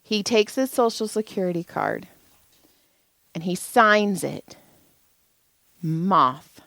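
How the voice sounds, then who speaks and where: Forties mom co-hosting a podcast, swears freely, tells stories with big energy; slightly low voice, dry studio sound. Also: female voice, takes it slowly, gravelly, dry recording. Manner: profane, animated storytelling. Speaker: podcast co-host. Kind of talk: casual podcast chat.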